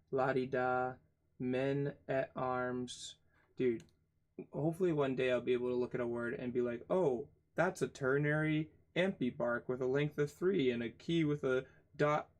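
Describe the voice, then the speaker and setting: Male host, casual read-along of a textbook; level, flat delivery, halting reading with spelled-out words and asides to viewers. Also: mid-range voice. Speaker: channel host reading a book aloud.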